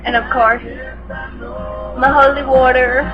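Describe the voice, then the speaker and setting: Woman, home vlogger, slow unhurried talk, slightly high voice, loud radio music behind. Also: flat delivery, lo-fi sound. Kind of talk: casual home vlog.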